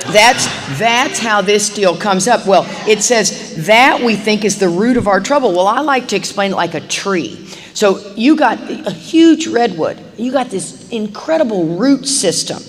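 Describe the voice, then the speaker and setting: A middle-aged woman giving a recovery talk to a live meeting audience, animated and acting out little dialogues as she goes. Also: mid-range voice. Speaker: AA meeting speaker. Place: meeting hall. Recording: reverberant live hall recording, faint hiss.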